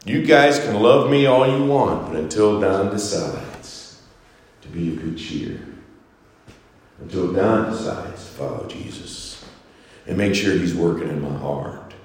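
A man preaching a Sunday sermon as pastor, swinging from soaring exhortations to hushed, quiet lines. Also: low voice, unhurried. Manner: preaching with sweeping rises and hushed drops. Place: church sanctuary. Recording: echoey reverberant hall.

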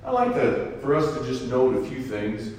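A man preaching, reading scripture aloud and then commenting on it in a folksy, animated way. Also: mid-range voice, moderate pace. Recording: echoey hall from far off.

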